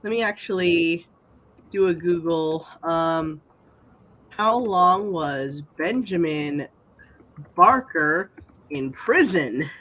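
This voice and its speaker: A woman co-hosting a casual chat, reading a story aloud and commenting with animated indignation. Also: on the low side, slow pace, long pauses, low-quality recording.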